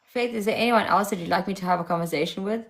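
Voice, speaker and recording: A South African livestream host talks quickly in a mid-range voice with vocal fry. She takes callers with a sassy, taunting attitude and switches between voices.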